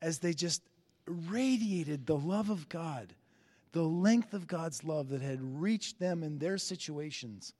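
A man preaching a sermon earnestly, lifting his voice on key phrases and easing into soft endings. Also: on the high side, animated, takes it slowly, long reverb tail. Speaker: pastor.

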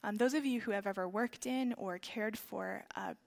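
A woman preaching a sermon in a conversational, reflective way, with soft trailing phrases and frequent fillers. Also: mid-range voice, moderate pace, creaky. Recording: long reverb of a large hall.

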